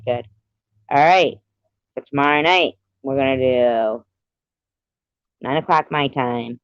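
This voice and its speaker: A woman's voice: rumbling low, no room sound, narrow, tinny audio. A woman hosting a casual livestream, chatting with viewers and telling rambling jokes with frequent giggles. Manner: giggly, rambling joke-teller. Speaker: livestream host.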